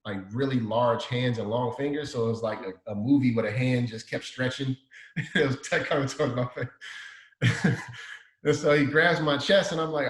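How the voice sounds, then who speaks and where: A man's voice: medium pitch, normal speed, a bit bright. A man from Chicago's South Side, a designer telling a story in an interview, animatedly acting out the dialogue he quotes. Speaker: guest, designer. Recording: echoey room.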